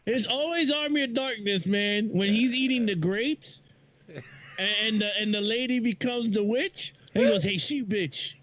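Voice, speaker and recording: A man's voice: very high-pitched, moderate pace, muffled recording. A man chatting casually about movies on a video call, loose and rambling, acting out scenes and sound effects. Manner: animated, acts out movie lines and sounds; loose and rambling, with many restarts. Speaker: podcast guest.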